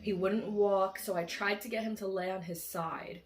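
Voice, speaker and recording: A woman telling a long dream story in a casual, rambling way, full of fillers and restarts, who loudly acts out her own quoted lines. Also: medium pitch, fairly even intonation, normal speed, slight background noise. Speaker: vlogger recounting a dream.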